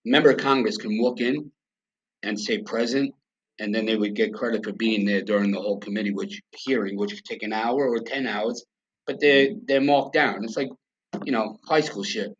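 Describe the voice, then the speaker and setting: Blunt, profane American storyteller. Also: male voice, lowish voice, steady tone, moderate pace, husky, muffled recording. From United States. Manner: blunt, profane, acts out quoted dialogue. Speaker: podcast guest. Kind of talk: conversational storytelling.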